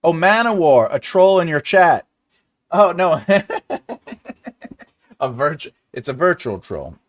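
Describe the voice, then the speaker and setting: In his forties, this livestream host has a slightly high, sing-song voice and takes his time. He's running a casual live chat with his viewers, rambling, joking and laughing often.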